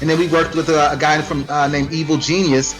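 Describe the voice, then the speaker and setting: A man being interviewed about his work, relaxed and rambling, with frequent ums and restarts. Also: on the high side, fairly quick. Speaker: guest rapper. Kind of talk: casual interview chat. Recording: music faintly behind.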